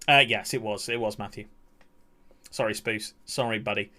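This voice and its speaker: A man's voice: fairly low pitch, fairly even intonation, moderate pace, bright, forceful tone. Chatty young man streaming. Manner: chatty, laughs often, mock-outraged ranting. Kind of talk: casual live-stream commentary.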